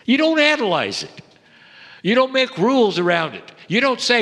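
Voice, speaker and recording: A man delivering a channeled spiritual message to a seminar audience, measured and intimate, often sinking to hushed tones. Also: sits high, wildly swooping pitch. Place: seminar hall. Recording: long hall reverb.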